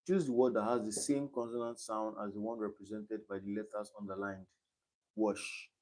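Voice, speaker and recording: Young Nigerian male tutor with a slightly low voice, repeats his points, patient and step by step on a live stream. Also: level tone, moderate pace, darkish tone. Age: young adult. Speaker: online exam tutor.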